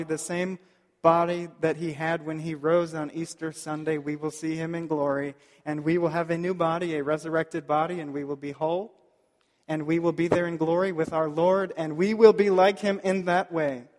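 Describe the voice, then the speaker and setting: A man preaching a sermon as pastor, earnest and pleading, slowing down to stress key points. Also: on the high side, darkish tone, big-room sound. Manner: earnest, pleading, slows down for emphasis.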